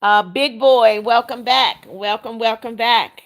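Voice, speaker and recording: A middle-aged woman hosting a livestream, reading viewers' comments aloud, greeting them warmly and turning firm when she lays down her rules. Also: a little high, takes it slowly. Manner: warm, religious greetings to viewers. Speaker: livestream host. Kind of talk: reading out live chat comments.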